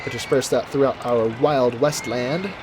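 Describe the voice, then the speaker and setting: An American man comments casually on his game while playing, in a chatty, rambling let's-play style and correcting himself as he goes. His voice is medium-pitched with fairly even intonation, he talks at a normal speed, and there's background noise.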